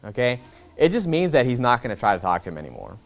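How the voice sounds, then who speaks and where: A man preaching in a relaxed, conversational way, reading old scripture and then restating it in everyday words. He climbs to loud high bursts for emphasis, then drops to low, quiet asides. His voice sits at an ordinary middle pitch. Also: quick pace, creaky. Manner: conversational, acts out the kings' lines in a plain voice. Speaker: pastor. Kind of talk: expository sermon.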